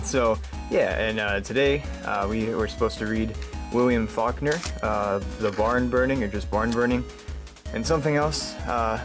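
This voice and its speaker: A young man from the United States, rambling and joking through a casual vlog at home, with many fillers. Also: medium pitch. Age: young adult. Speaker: vlogger. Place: home room.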